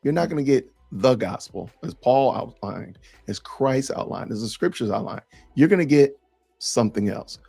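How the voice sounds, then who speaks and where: A man's voice: mid-range voice, lively intonation, normal speed, vocal fry, dark tone, husky, soft background music. A man hosting a podcast, reading out comments and answering them in an emphatic, sarcastic way. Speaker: podcast host.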